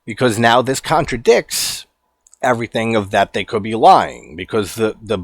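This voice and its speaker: A man giving a casual, animated movie commentary, incredulous and quick to swear and laugh. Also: lowish voice, no room sound. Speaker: horror movie reviewer.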